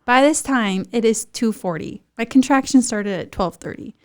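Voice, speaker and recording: Animated woman telling a story. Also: moderate pace. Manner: lively, acts out voices of others in high excited tones. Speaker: podcast guest. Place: podcast studio.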